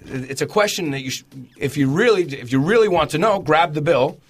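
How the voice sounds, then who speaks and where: Male radio host, mid-pitched and very lively, playful studio talk. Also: a little fast, slightly rough. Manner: animated and jokey, acts out quoted phrases. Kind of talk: lively studio talk show, teaching everyday phrases.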